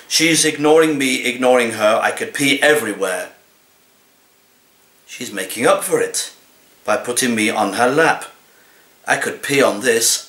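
A male actor reads comic poems expressively in the voice of a cat, moving from low murmurs to plaintive, high-pitched pleas. The recording has a roomy sound.

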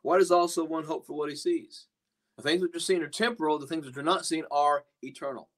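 A man preaching in a podcast sermon, earnest and a little rambling. His voice sits somewhat high for a man. He circles back and restarts phrases as he talks. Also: fairly quick. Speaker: pastor.

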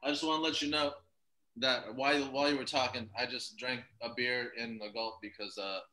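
A man telling a loose, rambling, profane stand-up story over a video call. He sounds a little drunk and self-mocking. His voice is bright and forward, pitched at an ordinary middle height. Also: steady tone, fairly quick, low-quality recording. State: a bit drunk.

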